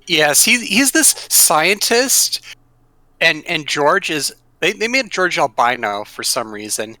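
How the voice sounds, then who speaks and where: Bright, dry-sounding man joking. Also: on the high side, big pitch swings, slow, no room sound. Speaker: guest on a stream call. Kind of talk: casual gameplay chat.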